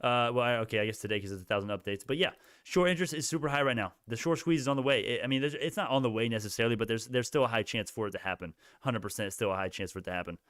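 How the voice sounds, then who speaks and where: A man's voice: medium pitch, rapid-fire, few pauses, fairly bright tone, no echo, clean studio sound. A young man hosting a casual stock livestream, ranting heatedly at his chat with many restarts.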